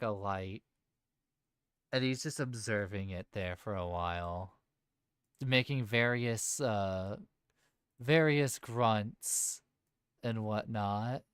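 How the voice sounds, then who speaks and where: Acting as game master for a tabletop game, a man narrates in a rambling way, packed with fillers. His mid-range voice is clear, resonant and a bit bright, captured with clean studio sound and no room echo.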